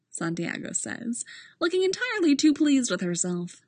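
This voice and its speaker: A woman reading a story aloud with expressive narration. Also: high-pitched, normal speed, no room sound. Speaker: reader. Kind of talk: reading fan fiction aloud.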